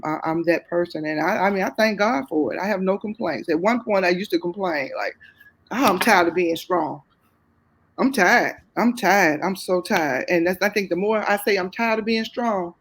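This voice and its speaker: Woman guest with a Southern US accent; earnest, faith-driven, repeats lines for emphasis. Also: medium pitch. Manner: heartfelt, faith-filled, repeats phrases for emphasis. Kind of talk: candid testimony in conversation.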